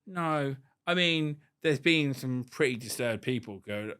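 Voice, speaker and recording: A man's voice: medium pitch, unhurried, hardly any pauses, smooth. A man being interviewed on a podcast, talking boastfully and crudely, swearing freely and mimicking other people's voices when he tells stories. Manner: quotes others in lively put-on voices. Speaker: podcast guest. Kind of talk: casual interview.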